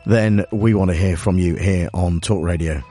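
A male radio host who talks in a playful, teasing way, halting with many fillers as he speaks into a studio microphone. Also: sits low, mellow, faint music behind. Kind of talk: comic radio talk show.

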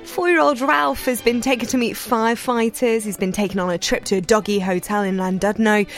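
Lady reading the news on the radio, higher voice, bit of music behind. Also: fairly even intonation, brisk. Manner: crisp bulletin reading, laughs easily in banter. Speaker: newsreader. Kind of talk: radio news bulletin and studio banter.

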